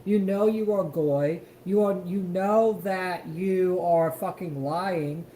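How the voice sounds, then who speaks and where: A man's voice: sits high, slow pace, mellow, echoey room, slight background noise, poor audio. A man co-hosting a live stream, reacting to a clip in an emphatic, profane rant. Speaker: stream co-host.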